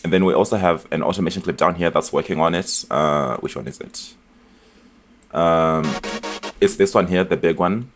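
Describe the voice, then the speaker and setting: Low-voiced man walking through a beat. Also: normal speed, music in the background. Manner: relaxed and chatty, with frequent fillers and restarts. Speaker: music producer demonstrating a beat remake. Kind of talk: casual tutorial walkthrough. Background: beat elements playing from the project.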